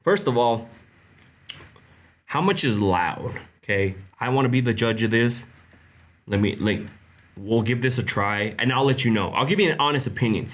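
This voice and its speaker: A man's voice: mid-range voice, expressive, normal speed, pauses often. Young male host, casual live Q&A, candid joker, mid-range voice. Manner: blunt, joking, laughs often.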